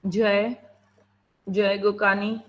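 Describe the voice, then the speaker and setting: A woman's voice: medium pitch, flat delivery, slow pace, low-quality recording. Strict Indian-English woman teaching online. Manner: strict, impatient, prodding students to answer. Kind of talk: online class. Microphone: video call.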